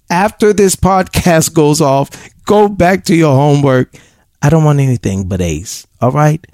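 Animated, gravelly man giving pep talks. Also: on the high side, measured pace, no echo, clean studio sound. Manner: preachy, emphatic, laughs often. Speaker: podcast advice host. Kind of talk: motivational advice podcast.

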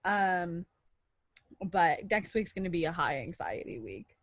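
A woman's voice: lowish voice, very animated, unhurried, creaky, no echo. Chatty young woman podcast host, dry close mic. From United States. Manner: chatty, laughs often. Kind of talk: casual chat.

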